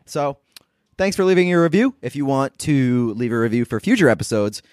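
A man's voice: mid-range voice, fairly quick, a little mellow, no room sound, clean studio sound. A man co-hosting a podcast, casually reading out listener reviews with jokes. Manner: laid-back, jokey, reads reviews aloud. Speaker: podcast co-host.

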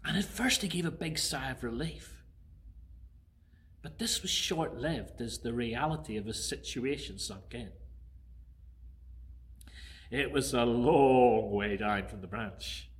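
Animated male preacher telling a story. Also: medium pitch, slow pace, long pauses. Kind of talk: sermon with storytelling.

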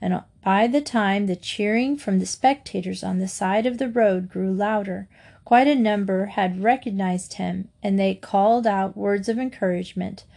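A woman reads a children's story aloud at a middle pitch. Her telling is gentle and steady, made for listening. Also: normal speed, gravelly. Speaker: storybook reader. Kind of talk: reading a children's book aloud.

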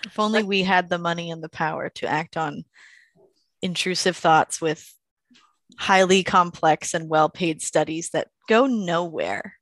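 A woman's voice: on the low side, unhurried, fairly bright tone, no room sound. A woman co-hosting a podcast in casual chat, with wry, sarcastic remarks. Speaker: podcast co-host.

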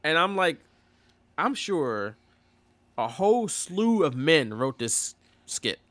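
A man chatting on a podcast, telling the story with lots of laughter. His voice is bright, and it swings up and down a lot. The sound is close and dry. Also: a little high, sing-song, slow, no room sound. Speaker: podcast co-host. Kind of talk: casual chat.

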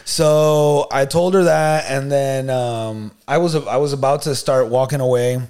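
A man co-hosting a podcast, telling a story in a lively, slangy way and often asking "you know what I mean". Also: medium pitch, measured pace, clear, resonant tone. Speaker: podcast co-host. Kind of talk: casual storytelling chat.

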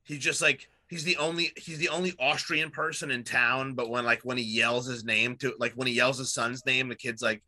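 A man's voice: mid-range voice, fairly even intonation, normal speed, few pauses, bright, forceful tone. A man in his thirties chatting casually on a podcast, rambling with lots of fillers and swearing. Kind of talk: casual chat.

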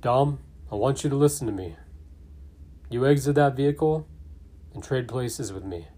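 A man reading out the lines of a brash, tough male federal agent, pushing his voice louder and higher than his own. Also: expressive, normal speed, lightly acted.

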